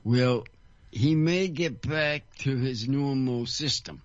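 A man in casual chat, speaking haltingly. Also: medium pitch, dry recording, lo-fi sound.

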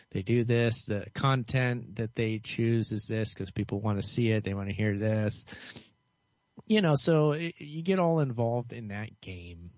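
A man talking alone to camera in a cynical, rambling way, with a dull monotone voice and lots of fillers and restarts. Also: mid-range voice, no room sound. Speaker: vlogger. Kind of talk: rambling solo commentary. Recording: dull lo-fi dry recording.

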